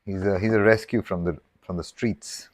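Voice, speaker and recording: A man's voice: sits low, fairly even intonation, moderate pace. A man hosting a casual live stream while he cooks, rambling and joking and often cutting himself off mid-sentence. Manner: rambling, self-interrupting, jokey.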